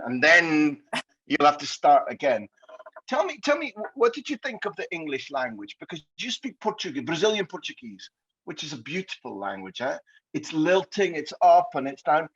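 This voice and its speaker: Scottish podcast host, husky, animated and playful, slightly dull lo-fi sound. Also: male voice, fairly high pitch, normal speed. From Scotland. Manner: playful, jokey questioning. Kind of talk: podcast interview.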